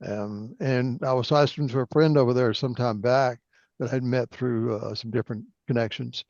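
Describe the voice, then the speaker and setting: A man's voice: mid-range voice, fairly even intonation, normal speed, darkish tone, no room sound. A man talks over an online call. His voice comes through dull and dry, with no room sound. He asks questions, then wanders into long, meandering stories. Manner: rambling, tangential storyteller. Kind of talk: casual conversation on a call.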